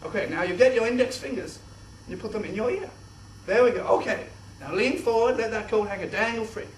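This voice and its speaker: A young man presenting a kids' science show in an exaggerated, excitable host voice. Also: high-pitched, brisk, a little hiss or hum. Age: young adult. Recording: echoey room, distant mic.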